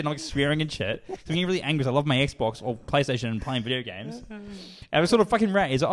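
A man's voice: medium pitch, lively intonation, very fast. A man, co-hosting a casual podcast and telling a crude story, swearing and laughing as he goes. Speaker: podcast co-host.

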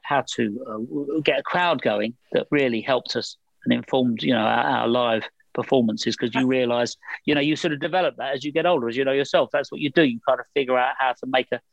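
A man's voice: mid-range voice, a little fast, vocal fry, no echo, dull audio. An older man, a musician telling stories in an interview, rambling and correcting himself. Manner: rambling, self-correcting storyteller. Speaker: musician guest. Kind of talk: anecdotal interview talk.

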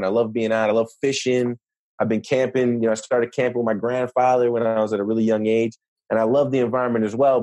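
A man's voice: on the low side, a little mellow, dry recording. Earnest man explaining, dry close sound. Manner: earnest, explanatory, many rhetorical "right?" tags. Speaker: podcast guest, negotiation expert. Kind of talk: casual interview talk.

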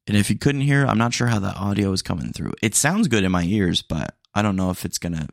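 A man's voice: lowish voice, lively intonation, fast talker, vocal fry, no room sound, clean studio sound. A young man hosting a solo podcast, talking in a candid, rambling way with casual slang and small jokes. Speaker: podcast host.

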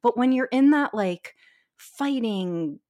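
A woman's voice: fairly high pitch, expressive, slow pace, mellow. Candid, rambling woman podcast guest. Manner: candid and rambling, with many restarts. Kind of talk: casual chat.

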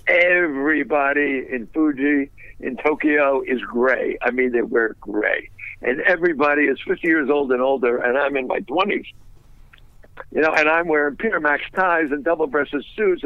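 Older man, lively raconteur, dull dry sound. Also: a little high, no room sound. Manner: lively raconteur, laughs through his stories. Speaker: guest. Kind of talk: anecdotal storytelling in a radio interview.

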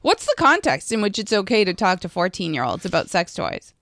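A woman's voice: medium pitch, wildly swooping pitch, a little fast, a bit bright, no echo, studio quality. A woman co-hosting a casual radio chat, teasing and pushing back. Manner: laughs often, teasing pushback. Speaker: co-host.

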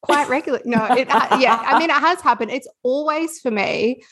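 A chatty Australian woman co-hosting a casual podcast. Her voice sits a little high, and she tells stories in a playful, cheeky way. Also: a little fast, a bit bright, breathy edge. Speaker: podcast co-host. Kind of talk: casual chat.

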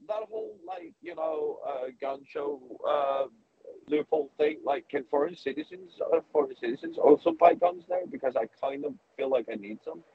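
A man's voice: fairly high pitch, wildly swooping pitch, normal speed, creaky, breathy edge. A man in casual podcast chat, hesitant and wry, full of fillers. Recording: dull, dry lo-fi mic.

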